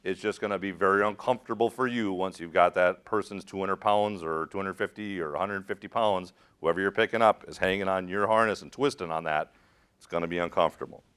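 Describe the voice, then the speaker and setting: A man's voice: low voice, brisk, fairly bright tone, clear, resonant tone. A middle-aged man teaching a rope rescue class, direct and practical, quizzing his students as he demonstrates. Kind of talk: hands-on safety training talk.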